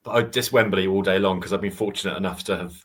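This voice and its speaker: A man's voice: low voice, steady tone, fast talker. A man from Oxford co-hosting a football fan podcast, chatting casually with lots of fillers. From Oxford, England. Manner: enthusiastic, rambling with fillers. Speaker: podcast co-host. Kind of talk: casual chat.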